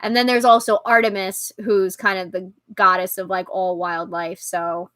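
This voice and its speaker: A woman hosting a casual live-stream chat, talking loudly and laughing often. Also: mid-range voice, flat delivery, normal speed, no echo. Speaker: podcast host.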